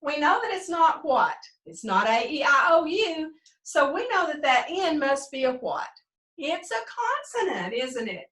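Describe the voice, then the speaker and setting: Animated sing-song woman teacher, echoey room. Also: sits high. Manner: sing-song, slow sounding-out of words, prompting pupils. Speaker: first grade teacher. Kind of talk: remote phonics lesson for young children. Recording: echoey room, mic at a distance.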